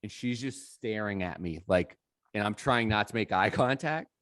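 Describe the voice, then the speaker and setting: A man telling a story on a podcast with lively quoted dialogue and frequent swearing. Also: fairly low pitch, moderate pace, no room sound, studio quality. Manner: animated, acts out quotes, swears freely. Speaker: DJ guest. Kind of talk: casual storytelling.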